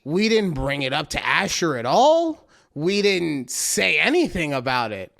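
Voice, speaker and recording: A young man with a gravelly, slightly high voice co-hosts a podcast at a measured pace. In casual conversation he's an animated storyteller who acts out quotes.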